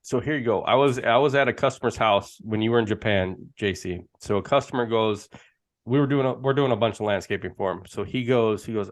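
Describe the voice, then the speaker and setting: A man in casual chat, relaxed, teasing and telling anecdotes. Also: fairly low pitch, a little fast.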